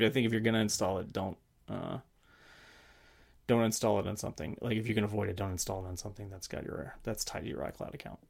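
A man's voice: on the low side, creaky. A man co-hosting a podcast, chatting casually and hesitantly, with many fillers and trailing sentences. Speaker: podcast co-host. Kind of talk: casual tech chat.

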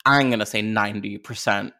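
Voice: medium pitch, steady tone, a little fast, pushed and bright. Joking, self-mocking podcast co-host. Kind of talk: casual podcast chat.

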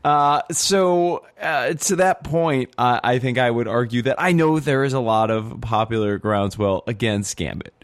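A man's voice: mid-range voice, a little slow, hardly any pauses, no echo, clean studio sound. A man on a comedy podcast panel, arguing his side in a joking mock-courtroom manner. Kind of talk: casual comedic debate.

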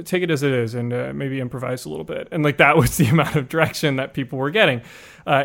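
A man hosting a podcast, telling film history in a casual, animated way. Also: fairly high pitch. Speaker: podcast host. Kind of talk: casual storytelling chat.

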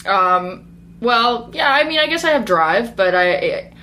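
A woman in her twenties chatting casually as a podcast guest, bubbly and quick, jumping high for quoted asides. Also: animated, bright, forceful tone. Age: 20s. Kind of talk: casual chat.

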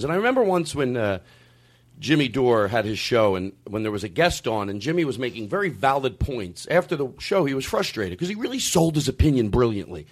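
A man hosting a podcast, delivering a comedic, profane rant in casual chat. His voice sits high for a man and swoops all over the place. He hammers his points home with heavy emphasis.

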